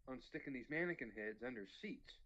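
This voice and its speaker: A man's voice: mid-range voice, expressive, a little fast, sharp tone, muffled recording. A man appearing as a wrestling podcast guest, rambling and joking and laughing often. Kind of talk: casual comedic chat. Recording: distant echoey mic with noise.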